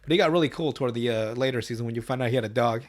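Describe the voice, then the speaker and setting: A man co-hosting a podcast, recapping a cartoon episode in animated, profane casual chat. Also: medium pitch, racing. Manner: animated, profane, laughing storyteller. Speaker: podcast co-host.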